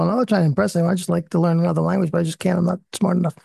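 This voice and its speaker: A man's voice: sits high, steady tone, rapid-fire, gravelly, hardly any pauses, a little mellow, no room sound, studio quality. A man hosting a casual discussion, chatty and self-deprecating, often restarting his sentences.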